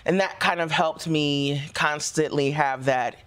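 Lively woman actor telling stories. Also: sits low, a little slow, clear, resonant tone. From central Pennsylvania. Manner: lively storytelling, acts out quotes. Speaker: actor, guest. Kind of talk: talk show interview.

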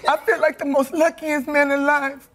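A woman's voice: high voice, level tone, normal speed, voice pushed up, natural voice. A woman voicing a smitten young man who earnestly declares his love on a date. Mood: tender. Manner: earnest, tender pleading.

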